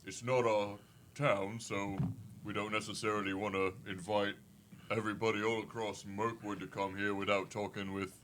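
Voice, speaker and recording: A lower-voiced man laying out a plan to his tabletop group in a measured, reasoning way. A faint hiss sits under his voice. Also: level tone, fairly bright tone. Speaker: tabletop game player. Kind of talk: in-character party discussion.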